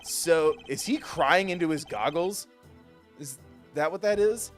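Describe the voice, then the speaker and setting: A man streaming a game live, cracking jokey, excitable asides between reading lines. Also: fairly high pitch, a little slow, faint music behind. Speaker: gaming streamer.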